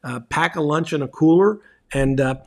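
Husky man telling travel stories. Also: fairly high pitch, moderate pace. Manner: rambling, friendly, many fillers and restarts. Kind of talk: casual travel storytelling.

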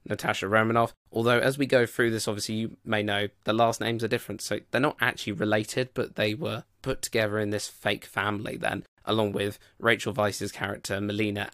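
Low-voiced rambling man. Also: a bit bright, dry recording, studio quality. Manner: rambling, loose, full of "like" and "you know". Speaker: film reviewer. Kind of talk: casual spoken film review.

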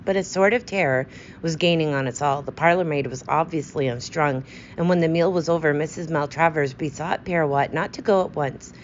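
A woman reading a story aloud as its narrator, in a steady, measured way. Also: sits low, dull audio, slight background noise. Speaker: audiobook narrator. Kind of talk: scripted narration.

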